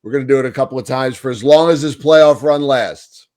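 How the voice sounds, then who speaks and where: A hoarse man with a New York accent co-hosting a casual fan podcast, telling stories in an animated way. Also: mid-range voice, a little fast. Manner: animated storyteller, hoarse from yelling. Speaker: podcast co-host. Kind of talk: casual hockey fan chat.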